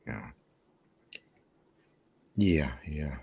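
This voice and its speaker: A man's voice: extremely low pitch, animated, very slow, creaky, darkish tone, husky. A man talking as a guest on a casual live stream, rambling and hesitant with lots of fillers.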